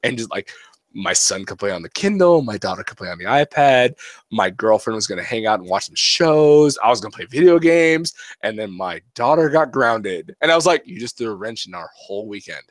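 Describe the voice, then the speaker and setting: A man's voice: mid-range voice, moderate pace, no room sound. A man in his thirties, co-hosting a podcast in casual chat, animatedly telling stories and acting out family dialogue. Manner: animated storyteller who acts out family dialogue. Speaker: podcast co-host.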